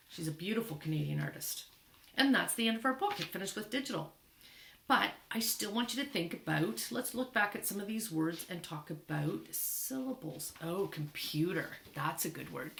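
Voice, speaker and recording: A woman teacher reads a picture book aloud to young children, pausing often to praise and encourage. Her voice sits slightly low. The room around her is echoey. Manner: warm, encouraging, marvels often. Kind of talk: children's lesson, reading aloud.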